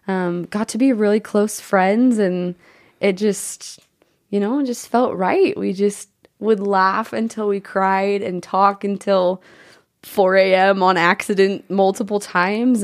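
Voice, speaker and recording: A young woman from the United States answers interview questions in an earnest, upbeat way. Her voice sits at an ordinary middle pitch, and she often stops and restarts her sentences as she talks. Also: fairly even intonation, slow pace. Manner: earnest, enthusiastic, with frequent restarts. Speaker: guest. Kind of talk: casual interview chat.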